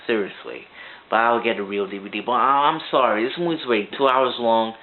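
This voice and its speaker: A man ranting through a movie review in an excitable, rambling way, now and then shouting. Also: medium pitch, brisk. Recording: tinny phone-like sound.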